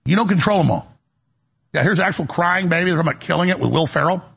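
A male show host rants into the studio mic with a heavily gravelly, husky voice. He rambles in an agitated way, repeats himself and restarts sentences over and over. His voice sits a little above the usual male pitch. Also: quick pace, fairly bright tone. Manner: agitated, repetitive, with many restarts. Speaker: radio and web show host. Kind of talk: rambling broadcast monologue. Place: broadcast studio.

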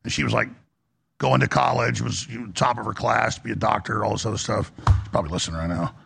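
Hosting a radio talk show, a man delivers an impassioned, sermon-like monologue in a gravelly, husky voice that ranges high and low. He talks fast with a steady tone and a fairly bright quality.

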